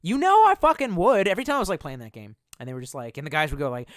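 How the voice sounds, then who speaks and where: Man, livestream streamer, casual chat, swears a lot, rambling, trails off into mumbles, slightly high voice. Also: expressive, racing, no room sound. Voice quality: profane, rambling speech. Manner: laid-back, often trails off into mumbling.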